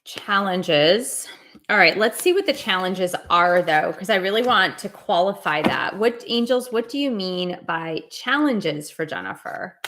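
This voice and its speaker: Middle-aged lady reading tarot live, talks kinda valley girl, bright voice. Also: mid-range voice, lively intonation, a little slow. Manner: chatty, valley-girl cadence. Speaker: tarot reader.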